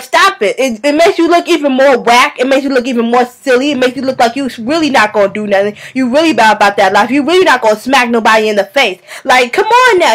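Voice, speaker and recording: A woman vlogger rants straight to her viewers, sassy and scolding, with plenty of bounce and attitude. Her voice sits high, and she keeps circling back to hammer her point home. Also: a bit bright. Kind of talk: casual rant to camera.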